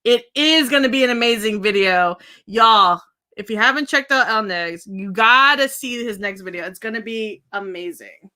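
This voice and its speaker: Bright-voiced young woman chatting on a livestream. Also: a little high, moderate pace. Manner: rambling and effusive, laughs often. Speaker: beauty YouTuber hosting a livestream. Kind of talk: casual livestream chat with viewers.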